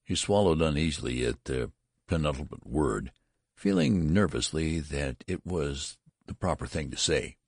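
A very deep-voiced man reading a story aloud, measured and wry. His voice is gravelly with a husky edge, and his pitch moves in a lively way. The recording is dry and close. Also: dry recording. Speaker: narrator.

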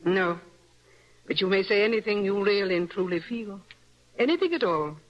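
An actress playing a poised, motherly young wife in an old-style radio drama, gently teasing but firmly in charge. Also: medium pitch, lively intonation, normal speed, dull audio, natural voice.

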